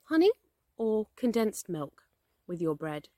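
A woman's voice: medium pitch, sing-song, a little slow, dark tone, no room sound. A woman voicing a cautious, fussy male rabbit in a storybook reading, prim and wary. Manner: prim, wary, a bit evasive.

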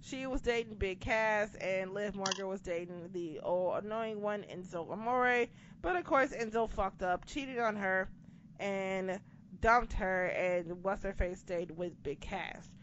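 A woman's voice: medium pitch, measured pace. Profane, sarcastic woman recapping wrestling. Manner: profane, sarcastic, animated retelling. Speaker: podcast co-host. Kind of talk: casual wrestling recap chat. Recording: dull lo-fi sound with background noise.

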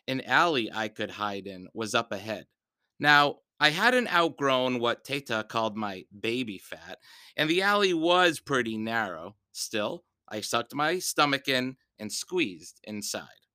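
A man reading a children's novel aloud as a measured storyteller. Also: medium pitch, bright, forceful tone, dry recording, studio quality. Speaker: audiobook reader.

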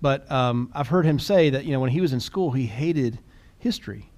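A man co-hosting a podcast in casual chat, quick and animated, often restarting and repeating words. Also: medium pitch. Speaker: podcast co-host.

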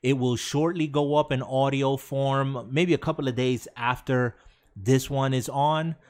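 A man's voice: medium pitch, steady tone, unhurried, a little mellow. A man hosting a casual gaming podcast live stream, reading chat comments aloud in a laid-back way. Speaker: podcast host.

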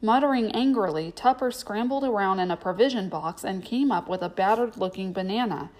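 A woman narrating a children's storybook aloud in a steady storytelling manner. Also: medium pitch, a little fast.

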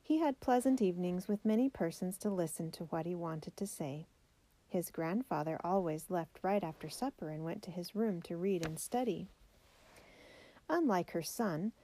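A woman reading a children's biography aloud in a measured, steady way. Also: lowish voice, no echo. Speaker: narrator.

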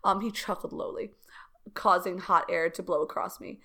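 A woman's voice: lowish voice, steady tone, moderate pace, bright, forceful tone. A woman co-hosting a podcast, reading fan fiction aloud and breaking off to joke and comment. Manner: dramatic reading broken by laughing commentary. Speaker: podcast co-host.

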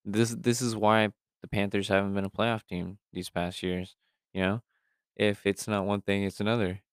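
Low-voiced man ranting about football. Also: flat delivery, normal speed, clear, resonant tone, dry recording, clean studio sound. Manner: emphatic, riled-up ranting with fillers. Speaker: podcast co-host. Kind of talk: casual sports chat.

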